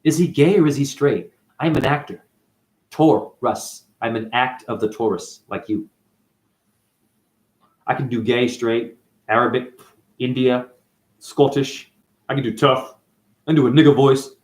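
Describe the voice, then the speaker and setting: Speaking at medium pitch, he keeps a measured pace and pauses often. The host of this video monologue offers rambling, profane spiritual musings in an animated way, calling listeners "honey."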